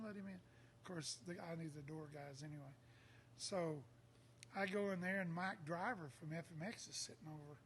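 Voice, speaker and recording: An older man with a drawl spins a rowdy tale, jumping into other voices as he goes. His voice sits fairly high for a man. A faint hiss of noise runs under it. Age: 60s. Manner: lively storyteller acting out quotes. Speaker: songwriter guest. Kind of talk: casual storytelling.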